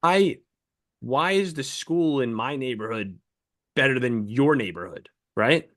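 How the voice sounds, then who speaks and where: A man's voice: mid-range voice, animated, measured pace, fairly bright tone, no echo, clean studio sound. A man co-hosting a podcast, ranting heatedly and swearing a lot in casual chat. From United States. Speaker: podcast co-host.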